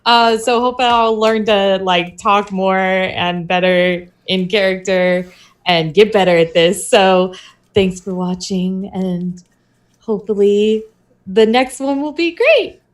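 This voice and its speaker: A woman chats on a live tabletop stream in an unhurried, drawn-out way. She giggles often and keeps running herself down. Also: medium pitch, fairly even intonation. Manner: self-deprecating, giggly. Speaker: player. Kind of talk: casual chat on a live stream.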